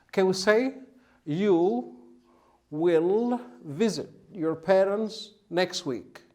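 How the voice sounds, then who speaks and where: A man teaching an English grammar lesson, patiently repeating and spelling out example sentences. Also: fairly high pitch. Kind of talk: classroom-style grammar lesson.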